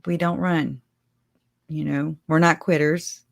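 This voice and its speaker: A woman's voice: low-pitched, flat delivery, takes it slowly, gravelly. A woman hosting a casual livestream, rambling and chatty, laughing often and talking straight to her viewers. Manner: speaks to viewers directly. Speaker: livestream host.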